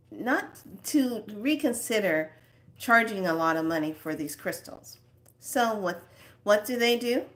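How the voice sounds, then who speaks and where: A woman talking in a casual, rambling spiritual monologue as host of her own channel, with soft asides now and then. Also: medium pitch.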